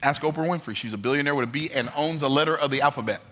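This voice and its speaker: Forceful, emphatic male motivational speaker. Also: on the high side. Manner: emphatic, repetitive, joking. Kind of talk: motivational talk.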